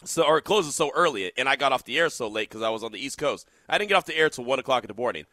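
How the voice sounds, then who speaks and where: Bright-voiced radio host man. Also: medium pitch, rapid-fire, no echo, clean studio sound. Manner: lively, storytelling, talks through a tickle in his throat. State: throat tickle, watery eyes. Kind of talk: sports talk radio. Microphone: studio mic.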